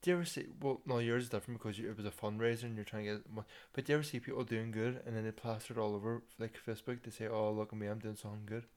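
A man's voice: mid-range voice, steady tone, racing, few pauses. A man, co-hosting a podcast and teasing his friend in casual chat. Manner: teasing, wry banter. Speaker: podcast co-host.

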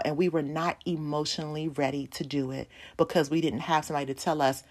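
A woman's voice: deep voice, fairly even intonation, fast talker, hardly any pauses, darkish tone. A woman in her forties giving a sermon testimony, telling a personal story and speaking to the congregation as "y'all". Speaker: pastor's wife preaching.

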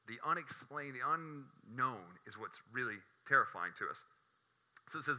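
A man, preaching a sermon and telling a personal story in an animated, conversational way. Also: medium pitch, moderate pace. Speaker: pastor.

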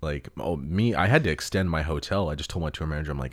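A man's voice: extremely low pitch, quick pace. A young man, a touring musician, chatting casually and rambling through tour stories, swearing freely and laughing often. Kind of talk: casual chat.

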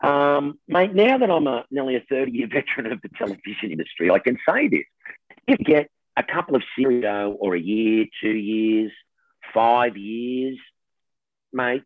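A middle-aged Australian man, a television host, telling stories in a lively casual chat and laughing often. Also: mid-range voice, dry recording. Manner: animated storyteller, laughs often, says mate. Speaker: TV host guest. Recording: tinny phone line, dry.

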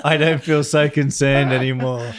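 A man's voice: mid-range voice, little pitch movement, moderate pace, a crowd in the background. A man co-hosting a podcast, chatting casually with wry, encouraging remarks. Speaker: podcast co-host. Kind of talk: casual chat.

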